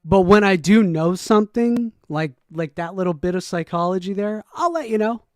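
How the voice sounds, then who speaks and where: A man casually commenting as he reacts to a video, rambling and joking, swinging from low mumbles to loud whoops. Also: expressive, moderate pace, dry recording, studio quality. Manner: frequent restarts and laughs, profane.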